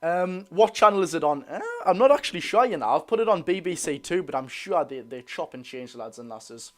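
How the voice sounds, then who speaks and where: A man's voice: a little high, expressive, fairly quick. Chatty Geordie man hosting a livestream. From North East England. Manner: chatty, reads viewer comments aloud, calls chat lads and lasses. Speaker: football fan livestream host. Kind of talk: casual live watch-along chat.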